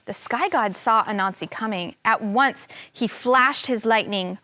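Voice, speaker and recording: A woman's voice: mid-range voice, unhurried, few pauses, pushed and bright, no room sound. A woman teacher reading a folk tale aloud to children, stopping to explain words and voicing the sound effects with expression. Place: classroom studio.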